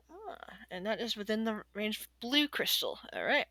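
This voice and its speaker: Lady game master narrating dnd, bright highish voice, stops and fixes her words, dry close mic. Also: very animated, no echo. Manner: descriptive narration with pauses and self-corrections.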